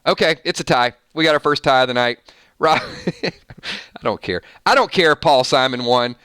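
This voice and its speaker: A man's voice: mid-range voice, fairly quick, pushed and bright, clean tone, dry recording, studio quality. A man hosting a live-stream chat, playfully reading out viewer votes on music matchups. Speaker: host.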